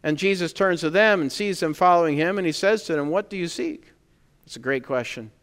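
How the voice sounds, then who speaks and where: A man preaching a sermon in a conversational, emphatic way, pressing points with loud stresses. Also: on the high side, fast, clean tone, big-room sound.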